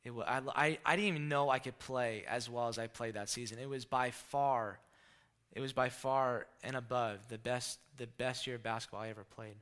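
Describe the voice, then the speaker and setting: Man, sermon storytelling, bright clear tone, animated delivery. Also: mid-range voice, normal speed. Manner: animated storyteller, acts out shouted quotes.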